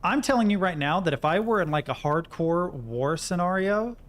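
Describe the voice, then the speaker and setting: Rambling man, a bit high. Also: animated, moderate pace. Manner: rambling, musing, swears casually. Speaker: gaming streamer. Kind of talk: casual gaming commentary.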